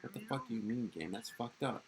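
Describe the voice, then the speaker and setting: A man's voice: mid-range voice, big pitch swings, brisk, slight background noise, natural voice, rough recording. A man doing a furious swearing young delinquent. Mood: angry. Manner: aggressive, profane. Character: hot-tempered young male delinquent, swearing and threatening.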